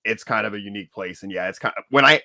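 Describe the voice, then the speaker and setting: A man from Florida chatting casually as a podcast host, telling animated stories and laughing often. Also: fairly low pitch, racing. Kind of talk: casual chat.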